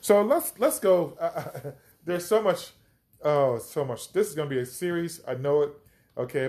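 A man's voice: medium pitch, a little mellow. A man hosting a podcast, teaching from the Bible with emphatic, reflective commentary as he reads scripture aloud.

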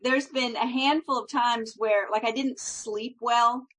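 A middle-aged woman life coach with a fairly high voice talks in a casual, upbeat way. She sounds reassuring and laughs easily as she chats. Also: steady tone, unhurried, fairly bright tone, poor audio. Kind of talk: casual chat.

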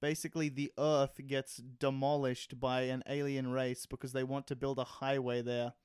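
Man, podcast co-host, loose rambling banter with swearing, smooth clear voice, dry close sound. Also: mid-range voice, flat delivery, moderate pace, a little mellow, no echo. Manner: rambling, swears casually, jokey. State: hot and sweaty. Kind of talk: casual chat.

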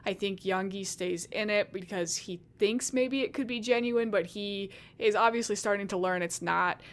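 A woman's voice: mid-range voice, normal speed. A woman chatting casually about a story, animatedly acting out the characters' lines. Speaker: co-host discussing a story. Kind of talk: casual chat.

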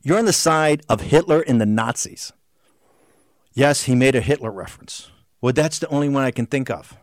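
A man's voice: mid-range voice, animated, normal speed, no room sound. Fiery, combative man ranting on a dry mic. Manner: shouting, combative, repetitive rhetorical questions. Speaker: show host. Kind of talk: heated political monologue.

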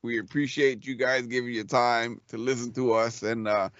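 A man's voice: mid-range voice, fairly even intonation, normal speed, fairly bright tone, no room sound, dull audio. A man hosting a casual podcast, easygoing and slangy, who repeats himself as he talks. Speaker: podcast host.

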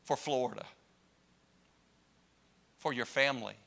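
A man preaching a sermon to his congregation, swinging between hushed, slow lines and impassioned cries. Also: mid-range voice, vocal fry.

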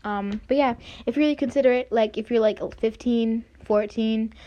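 A woman's voice: on the high side, normal speed, dark tone. A young woman hosting a casual solo podcast, rambling with many fillers and restarts. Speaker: podcast host. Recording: dull lo-fi home recording.

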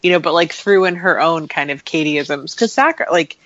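A woman's voice: low voice, normal speed, fairly bright tone, no room sound. A woman on a podcast panel in casual chat, talking at length in a chatty way. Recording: dry, dull lo-fi sound.

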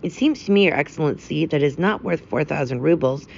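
A woman's voice: low-pitched, animated, fast talker, gravelly, lo-fi sound, slight background noise. A woman voicing an eager young male officer who talks earnestly and obsequiously, in a storybook reading.

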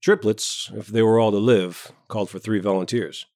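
A man with a lowish voice reads a story aloud in a measured, even way. The sound is close and dry, with no room around it. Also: no echo. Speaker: narrator. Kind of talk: scripted story narration.

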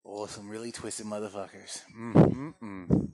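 A man co-hosting a podcast, chatting casually and telling stories in a loud, joking, profane way. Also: lowish voice, flat delivery, moderate pace. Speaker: podcast co-host. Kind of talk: casual crude chat.

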